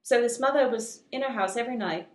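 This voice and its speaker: A woman with a fairly high voice co-hosts a casual chat podcast and tells a creepy story with lively, animated energy. She swears freely. Her voice rings in an echoey room at home with little soundproofing. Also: fast talker. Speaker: podcast co-host.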